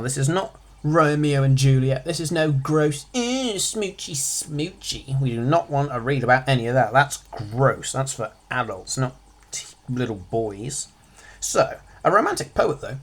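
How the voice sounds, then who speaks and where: A man giving a casual revision lesson on a poem, explaining it in a jokey way with quick sarcastic asides. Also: medium pitch. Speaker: revision tutor.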